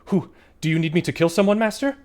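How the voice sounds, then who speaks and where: A man voicing an eager, devoted male stone Doberman who pants and keeps saying master in a high, yelping voice. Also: animated, quick pace, darkish tone. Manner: high panting eager yelps, calls everyone master.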